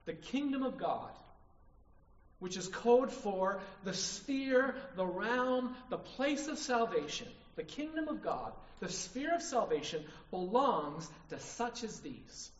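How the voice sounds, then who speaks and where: A man's voice: high-pitched, sing-song, takes it slowly. A man preaching a sermon, emphatic, often checking in with the congregation by asking "right?". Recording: distant, echoey hall, dull sound.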